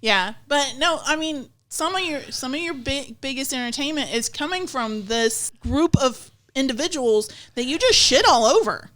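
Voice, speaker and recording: Woman podcast co-host, high and bright, blunt exasperated rants. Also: lively intonation, moderate pace, few pauses. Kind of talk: casual wrestling chat.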